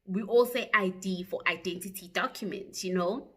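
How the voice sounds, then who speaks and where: A young South African woman telling a story to her viewers in a chatty, animated way, with frequent asides. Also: medium pitch, moderate pace, husky. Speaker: YouTuber. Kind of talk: casual storytime vlog.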